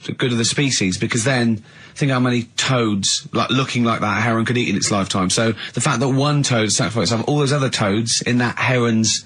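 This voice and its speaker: A radio host in casual banter, incredulous and interrupting, often breaking into laughter. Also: male voice, medium pitch, fairly quick, few pauses, fairly bright tone, husky.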